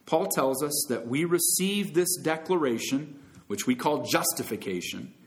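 Male pastor, sermon. Animated, fairly high voice, hammering points home with big swoops. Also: unhurried. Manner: emphatic preaching, swooping from loud high peaks to low soft drops; calls listeners friends, brothers and sisters.

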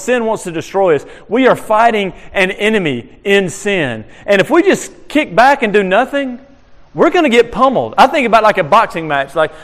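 A man preaching a sermon in a chapel, talking in a casual, animated way with frequent restarts. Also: sits high, in a large hall. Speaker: chaplain preaching. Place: chapel on a military base.

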